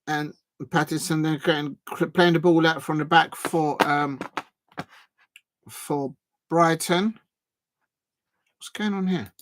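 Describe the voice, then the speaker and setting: A man's voice: on the high side, fairly even intonation, slow pace, long pauses, no room sound. A man hosting a live fan watch-along, commentating casually with many fillers and restarts and chatting with viewers. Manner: chatty, reads out and thanks viewers. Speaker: fan stream host.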